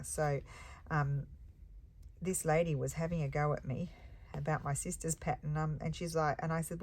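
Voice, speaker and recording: A woman's voice: low voice, steady tone, normal speed, a little mellow. A woman crafter chatting casually while she stitches, rambling and thinking aloud with hums and ums. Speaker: embroidery crafter and shop owner.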